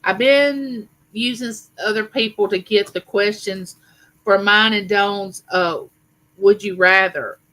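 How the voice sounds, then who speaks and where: Woman in her fifties hosting a live chat; bright voice, chatty and rambling, frequent fillers. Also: mid-range voice, steady tone, slow, poor audio. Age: 50s. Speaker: livestream host. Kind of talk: casual live chat reading viewer comments.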